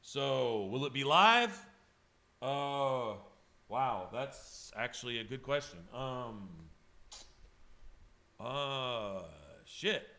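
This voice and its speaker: A man's voice: medium pitch, expressive, extremely slow, pauses often, bright, forceful tone. A man livestreaming from his home studio, talking casually and emotionally to his viewers, rambling and swearing as he goes. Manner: rambling, profane, emotional, talks to chat by name. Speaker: livestreaming airbrush artist.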